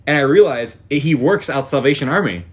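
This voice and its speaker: A man's voice: medium pitch, animated, a little fast, slightly rough. A young man co-hosting a podcast, rambling through a story in casual chat, swearing and acting out what people said. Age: young adult. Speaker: podcast co-host.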